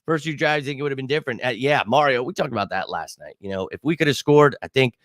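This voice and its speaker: An excitable man in his thirties hosts a live sports stream in casual chat, swearing freely and filling gaps with "uh" and "you know". His voice sits at an ordinary middle pitch. The sound is dry and close, with no room echo. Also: fast. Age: 30s. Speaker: sports show host.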